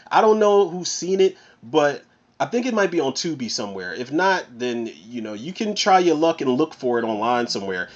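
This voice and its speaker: A man's voice: on the high side, highs cut off. A man reviewing a horror film in a casual, rambling rant, swearing freely as he goes. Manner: profane, rambling, animated. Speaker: movie reviewer.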